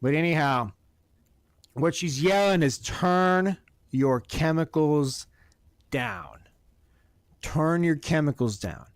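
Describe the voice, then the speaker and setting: Profane, animated storyteller man, higher voice. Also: slow, pauses often, dry recording, studio quality. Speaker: podcast host. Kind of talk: casual storytelling. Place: Oregon.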